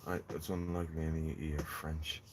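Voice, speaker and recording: Deep-voiced man rambling on a live stream. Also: flat delivery, fairly quick, noisy background. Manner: rambling, joking, talks to viewers and a fly. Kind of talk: casual live stream chat. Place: in a greenhouse in the rain.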